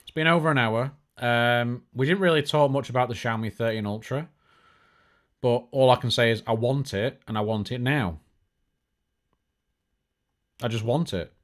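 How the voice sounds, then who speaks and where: A man's voice: mid-range voice, normal speed, pauses often, a bit bright. A man hosting a casual tech live stream, chatty and joking, with lots of fillers and restarts. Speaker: tech show host.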